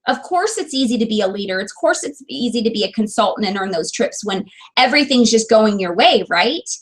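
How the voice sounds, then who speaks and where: A woman's voice: medium pitch, animated, a little fast. A woman leading a sales team, giving an earnest, emotional motivational talk straight to camera. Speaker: direct sales team leader.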